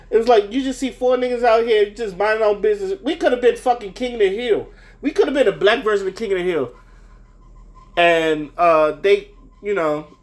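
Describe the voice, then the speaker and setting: Young guy, pretty high voice, rambling heated story, swears a ton. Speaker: vlogger. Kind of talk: casual storytelling rant.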